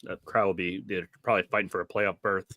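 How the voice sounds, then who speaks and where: A man's voice: low-pitched, level tone, fast, pushed and bright, no room sound, dull audio. A man with a Boston accent hosting a casual sports podcast, putting questions to his co-hosts and teasing them with profanity. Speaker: podcast host asking the questions.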